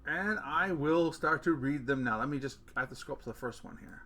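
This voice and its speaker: A man's voice: on the high side, a little fast, sharp tone. A middle-aged man telling family stories in a casual rant, swearing freely and laughing at his own punchlines. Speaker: vlogger.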